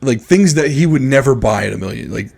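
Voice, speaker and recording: Gravelly man telling a lively story. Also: medium pitch, brisk. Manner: animated, acts out quoted dialogue. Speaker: podcast co-host. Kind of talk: casual storytelling chat.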